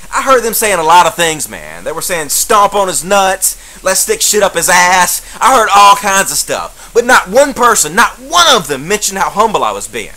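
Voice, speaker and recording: A man's voice: high voice, pushed and bright, low-quality recording. A man, telling a profane, sarcastic comic story as a rant monologue. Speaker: comedian.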